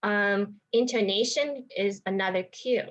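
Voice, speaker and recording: A woman speech therapist talks parents through practical tips, thinking aloud and often restarting her sentences. Her voice sits at a middle pitch, and the recording sounds a little dull and lo-fi. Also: a little slow. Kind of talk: informal teaching talk to parents.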